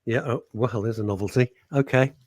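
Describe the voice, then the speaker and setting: A man's voice: medium pitch, brisk, dry recording. A British man hosting an internet radio show, bantering and teasing, reading out listener comments in a casual chat.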